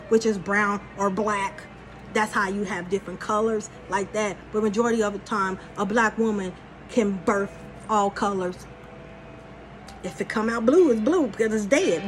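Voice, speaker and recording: A woman rambling through a spiritual monologue, blunt and profane, telling a story in a loose, casual way. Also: medium pitch. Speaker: spiritual channeler.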